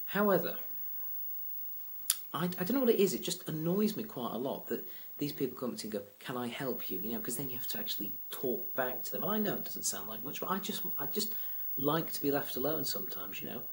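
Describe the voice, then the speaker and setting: A man's voice: mid-range voice, big pitch swings, fairly quick, slight background noise. Exasperated rambling man vlogging. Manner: rambling, self-deprecating, exasperated. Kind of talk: casual venting monologue.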